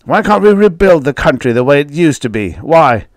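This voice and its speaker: A man's voice: fairly high pitch, sing-song, moderate pace, no echo, voice pushed up. Brief: male narrator as a tipsy, outspoken middle-aged farmer, raised voice, slightly thick, dry studio sound. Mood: defiant. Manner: loud, defiant, slurring.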